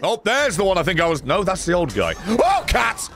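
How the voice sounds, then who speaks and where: A man giving live gameplay commentary, excitable, swearing and bursting into laughter. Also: sits high, fast talker. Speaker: gaming streamer.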